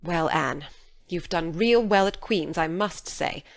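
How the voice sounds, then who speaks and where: A woman's voice: on the low side, slow pace, creaky. An actress playing a practical older woman who talks in plain, matter-of-fact country speech. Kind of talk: full-cast audiobook drama.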